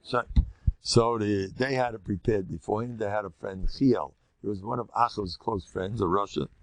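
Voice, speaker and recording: An older rabbi who gives a Torah lecture in an animated, jokey storytelling way, full of repetitions. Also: male voice, fairly low pitch, normal speed, dry recording.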